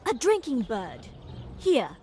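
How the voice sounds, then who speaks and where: A woman's voice: a little high, wildly swooping pitch, slow pace, dark tone, a little hiss or hum, exaggerated voice. A woman playing a prim, fussy court lady in a video game who corrects manners. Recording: game audio with music behind.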